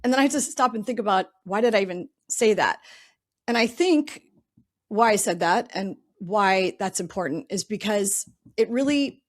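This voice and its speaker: A middle-aged woman talking through her ideas in a relaxed podcast interview. She is chatty, loose and reflective, and she thinks aloud with frequent "um" and "you know.". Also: medium pitch, moderate pace. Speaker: podcast guest, real estate investor. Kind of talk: casual interview talk.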